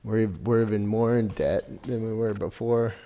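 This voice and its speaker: Gravelly-voiced man, sarcastic game reviewer. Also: fairly low pitch, fairly even intonation, a little slow, lo-fi sound. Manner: sarcastic, swears a lot, mocking laughs. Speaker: gameplay reviewer. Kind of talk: casual profane commentary over gameplay.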